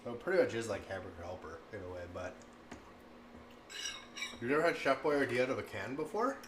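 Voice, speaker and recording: A man's voice: medium pitch, a little fast. A man in his thirties chatting casually as a cooking streamer, rambling and laughing often, with lots of "like". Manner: rambling, animated, laughs often, says "like" a lot. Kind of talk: casual chat and storytelling. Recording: echoey room, faint background noise.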